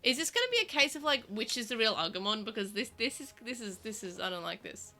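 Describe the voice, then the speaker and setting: Aussie woman rambling on a game stream, lots of ums, bright voice. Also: a little high, very animated, fast talker, soft background music. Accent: Australian. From Australia. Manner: rambling, with many fillers and restarts. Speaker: let's play streamer. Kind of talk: casual gameplay chat.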